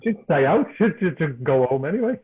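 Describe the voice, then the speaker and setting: A middle-aged man from Liverpool with a Scouse accent, a podcast guest and author telling animated anecdotes in casual chat. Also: on the high side, a little fast, slightly rough. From Liverpool, England. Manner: animated anecdotes, repeats words when excited. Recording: tinny phone-like call line.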